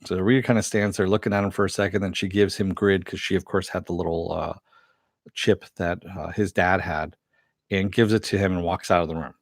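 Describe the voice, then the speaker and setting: Low-voiced man casually recapping a show. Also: steady tone, a little fast, no echo, studio quality. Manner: rambling with many fillers and quoted lines. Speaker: TV episode reviewer.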